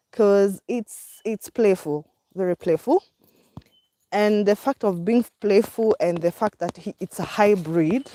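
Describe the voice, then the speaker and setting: A Kenyan woman talks slowly in a low, mellow voice while walking outdoors with her dog. She is out of breath and chatty, with many fillers and small laughs. The sound is dry and close. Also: dry recording. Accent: Kenyan English. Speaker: vlogger. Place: outdoors on a walk, hills and woods.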